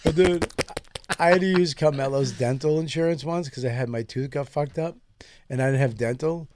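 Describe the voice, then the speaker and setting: Man, forties, profane laughing storyteller; slightly high pitch, dead-dry sound. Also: moderate pace, a little mellow, dry recording. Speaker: podcast co-host. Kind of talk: casual chat.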